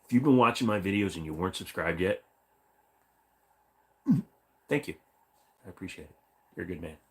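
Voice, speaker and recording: A man's voice: deep voice, lively intonation, moderate pace, creaky. Casual swearing man chatting with his stream. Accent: Northern Virginia. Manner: swearing, slips into joke voices and accents. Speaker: streamer answering chat. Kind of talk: casual live chat.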